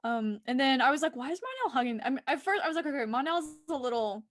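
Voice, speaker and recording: A woman's voice: high-pitched, sing-song, fast talker. A woman recapping a TV episode in casual chat, giggling and acting out the characters' lines as she goes.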